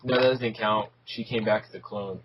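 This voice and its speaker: A man hosting a casual chat over an online call, relaxed and rambling. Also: fairly low pitch, normal speed, dull audio, background noise. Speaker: host.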